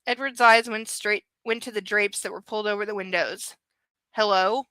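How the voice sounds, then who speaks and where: Young woman reading a novel aloud, chatty asides; bright, smooth tone, dry close sound. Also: mid-range voice, steady tone, fairly quick, no room sound, low-quality recording. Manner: casual, chatty asides between passages. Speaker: book club reader.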